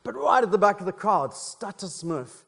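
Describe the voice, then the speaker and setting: A preacher from South Africa, talking in a loose, playful way with plenty of fillers. His voice sits slightly high for a man. The sound rings with a long reverb from the church hall. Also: big pitch swings, moderate pace, creaky, a bit bright. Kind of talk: casual sermon with joke and prayer.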